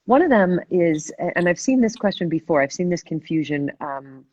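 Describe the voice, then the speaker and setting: A woman hosting a live video chat, asking a long thoughtful question with many pauses and restarts. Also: lowish voice, sing-song, a little mellow, no echo, lo-fi sound. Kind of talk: casual live-stream conversation.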